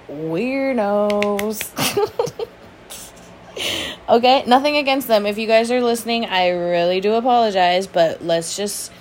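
A woman's voice: mid-range voice, slight background noise. A woman hosting her own show, telling a rambling personal story in casual chat, swearing freely, laughing often and making fun of herself. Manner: self-mocking, rambling asides. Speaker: vlog host.

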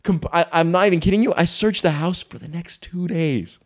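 A young man co-hosting a podcast, telling stories in quick, excitable bursts of casual chat. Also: fairly high pitch, noisy background. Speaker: podcast co-host.

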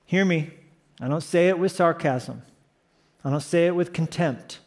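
At a normal speed, a man preaches a sermon in a voice pitched a little higher than most men's. The pastor is impassioned, moving from soft, earnest moments up to emphatic, rising exclamations.

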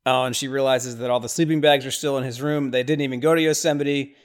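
A man's voice: medium pitch, fairly even intonation, fast. A man hosting a podcast, giving casual watch-along commentary on a movie in a rambling, reactive way with sudden exasperated outbursts. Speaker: podcast host.

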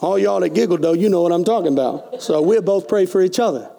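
A male pastor preaches in a high, gravelly voice. He talks folksy and direct, firing questions at the congregation. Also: fast, dark tone. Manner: folksy preaching with call-and-response. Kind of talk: sermon.

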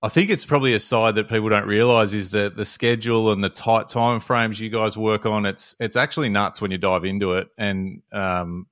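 A man hosting a fishing podcast, chatting casually, often laughing and trailing off into a quiet mumble. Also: fairly low pitch, steady tone, moderate pace, hardly any pauses. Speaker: podcast host.

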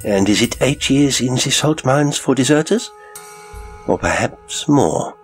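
A man's voice: lively intonation, unhurried, soft background music, close to an everyday voice, poor audio. A man voicing a sinister older male circus director who stays mockingly polite. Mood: silkily menacing. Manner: smooth, mocking politeness with sudden high lilts.

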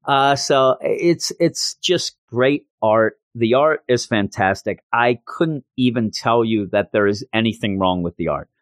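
A man co-hosting a podcast, recapping a comic issue in casual chat and switching into goofy high voices when quoting characters. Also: measured pace, few pauses, no room sound, clean studio sound. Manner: animated retelling, jumps into high goofy voices for quotes. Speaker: podcast co-host reviewing comics.

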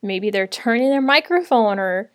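A woman's voice: fairly high pitch, expressive, moderate pace, dry recording, studio quality. A woman sharing practical tips on teaching online, in a friendly, conversational way with light laughs. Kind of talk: casual teaching tips to camera.

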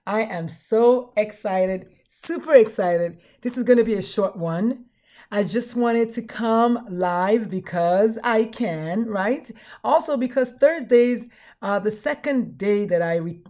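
A woman's voice: mid-range voice, warm tone. A woman hosting her podcast live, chatting casually with bubbly, repetitive enthusiasm. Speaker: podcast host.

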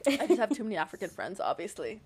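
Casting: young woman podcast host from Connecticut, sassy, emphatic, chatty, mid-pitched. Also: sing-song, fast talker, a little mellow, husky. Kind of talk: casual podcast chat.

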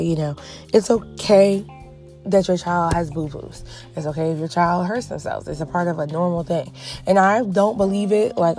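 A woman's voice: on the low side, measured pace, pauses often, faint music behind. A young adult woman hosting a casual solo talk, telling stories in a candid, chatty way and acting out the voices of others. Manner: candid, chatty, animated retelling with quoted voices. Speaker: podcast host.

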